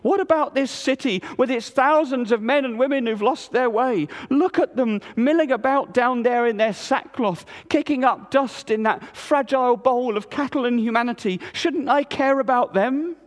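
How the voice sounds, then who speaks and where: A man's voice: very high voice, moderate pace, few pauses, big-room sound, voice pushed up. A man voicing God as a stern, reproachful figure who presses his questions insistently.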